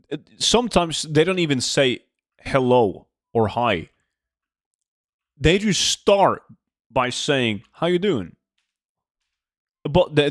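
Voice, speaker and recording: A man with a medium-pitched voice streams a game, rambling, joking, and casually chatting with viewers while reading their messages aloud. Recorded on a desk microphone, the sound is clean studio quality with no echo.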